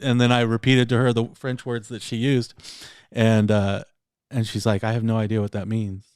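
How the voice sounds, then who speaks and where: A man's voice: on the low side, level tone, normal speed, darkish tone, smooth, dry recording, clean studio sound. A man in casual chat, telling a story in a rambling way, often laughing and slipping into other voices. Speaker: podcast co-host.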